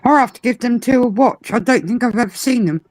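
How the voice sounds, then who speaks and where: A woman in a casual chat, giving relaxed, brief replies. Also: fairly high pitch, brisk, no echo, clean studio sound.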